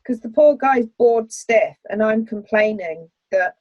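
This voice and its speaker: A middle-aged woman co-hosting a relaxed video-call chat, telling animated little stories and laughing along. Her voice sits slightly high, and the sound is dry and close. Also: a little slow, dry recording, lo-fi sound. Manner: animated storyteller, laughs often. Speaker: co-host. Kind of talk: casual chat on a livestream.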